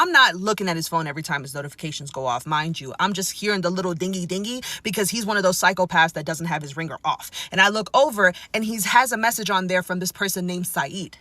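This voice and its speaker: A woman telling a dating story in a casual storytime monologue, emphatic and sassy, swinging between loud and hushed delivery. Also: on the low side, dry recording.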